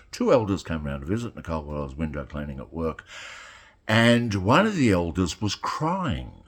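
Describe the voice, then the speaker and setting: A middle-aged man speaks in a loose, wandering monologue, circling back to repeat his own lines. His voice sits very low, yet it leaps up and drops back in lively swings as he talks. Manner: rambling, repeats phrases, swings loud and soft. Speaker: vlogger. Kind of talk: casual monologue.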